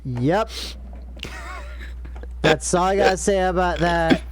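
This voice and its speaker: Chatty American man, slightly high voice. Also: slow, slight background noise, rough recording. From United States. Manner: chatty, jokey, rambling tangents. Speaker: co-host of a gaming chat. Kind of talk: casual chat while gaming.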